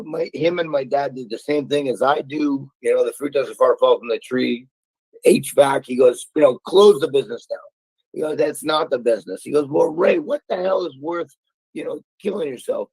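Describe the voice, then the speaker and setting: Middle-aged male host, husky and gravelly, lively emphatic storyteller, dry mic. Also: fairly high pitch, no room sound, poor audio. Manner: emphatic, stammering, bursts into shouting. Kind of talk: talk radio storytelling.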